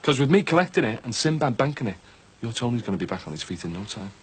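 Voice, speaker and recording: A man's voice: medium pitch, very animated, fast, darkish tone, a little hiss or hum, close to an everyday voice. A man playing a cocky, jokey mate who eagerly offers to handle the money in a TV soap drama.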